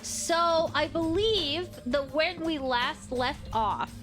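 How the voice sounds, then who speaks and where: Female streamer host, high voice, casual chatter over game music. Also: animated, takes it slowly. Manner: chatty, greets viewers by name. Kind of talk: casual live-stream chat.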